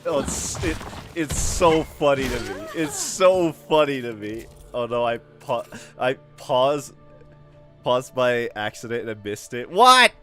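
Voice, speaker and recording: A man's voice: mid-range voice, big pitch swings, measured pace, pushed and bright, faint music behind. A man from the United Kingdom giving casual, chatty gameplay commentary, easily amused and laughing often. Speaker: gaming video host.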